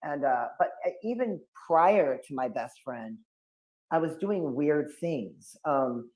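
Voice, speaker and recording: A New England man in his fifties, guesting as an occult expert, tells long stories in an interview and animatedly acts out the people he quotes. His voice is a little high and slow-going, recorded with a roomy echo.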